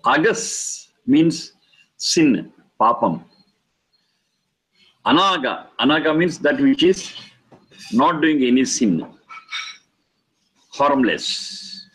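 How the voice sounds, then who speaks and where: A man teaching a lesson on scripture, speaking slowly and emphatically, repeating key words for stress. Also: mid-range voice, big pitch swings, a bit bright, slightly rough, poor audio. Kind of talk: lecture explaining scripture.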